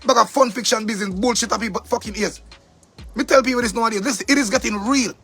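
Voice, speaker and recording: A man's voice: extremely high pitch, quick pace, bright, forceful tone, husky. A man with a Jamaican accent delivering an angry, profane monologue rant, repeating himself for emphasis. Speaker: commentator.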